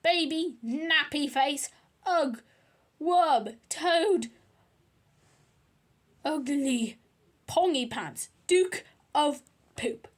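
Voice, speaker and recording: A woman voicing a bratty schoolboy who yells and jeers at his brother. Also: high-pitched, expressive, measured pace. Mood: jeering. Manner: yelling, jeering.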